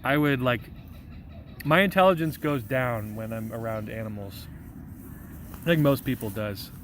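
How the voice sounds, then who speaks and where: A man's voice: mid-range voice, a little slow, slight background noise. A young man livestreaming outdoors in a park, reading out chat messages in a rambling, joking, goofy way. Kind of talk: casual live vlog chat.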